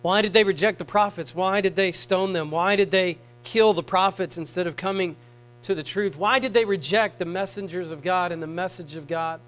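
A high-voiced man preaches a sermon at a moderate pace, sinking into hushed, tender tones before rising into raised, pleading appeals. The recording is rough, with a faint mains hum underneath.

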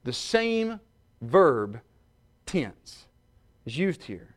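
A man preaching a sermon, dropping to quiet, joking asides and rising to shouted peaks. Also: a little high, big pitch swings, normal speed, pauses often. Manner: humorous, self-mocking asides.

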